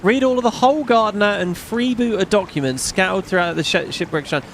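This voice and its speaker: A man's voice: sits high, a little fast, fairly bright tone, a little hiss or hum. A man giving casual let's-play commentary, chatting and musing aloud as he reads on-screen game text. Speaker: gaming YouTuber. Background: game music.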